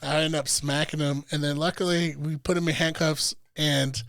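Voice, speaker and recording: A young man on a podcast telling a story in a lively, profane way, acting out what people said. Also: fairly high pitch, moderate pace, gravelly, no echo. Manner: animated, profane storyteller who acts out quotes. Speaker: podcast host.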